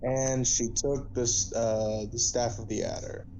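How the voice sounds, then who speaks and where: A laid-back man at a tabletop game, talking very slowly with a mellow, dark tone. A faint hiss sits behind his voice. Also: mid-range voice, level tone, poor audio. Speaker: player. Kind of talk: casual chat at a game table.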